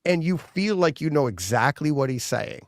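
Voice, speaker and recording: A man co-hosts a podcast, chatting casually and telling stories in an animated way with plenty of laughter. His voice is fairly high, his pace moderate, and the recording is clean studio sound with no echo.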